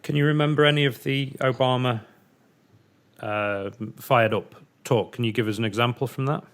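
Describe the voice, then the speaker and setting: A man's voice: mid-range voice, fairly even intonation, normal speed, fairly bright tone. Enthusiastic male podcast host. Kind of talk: conversational interviewing.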